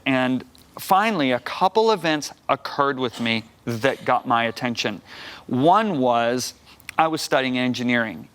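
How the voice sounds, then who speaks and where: A man's voice: mid-range voice, a bit bright, clean tone. A man in his sixties, a guest minister on a TV talk show, telling his testimony with energy and acting out the voices of people he quotes. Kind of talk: animated storytelling testimony. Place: TV studio talk set.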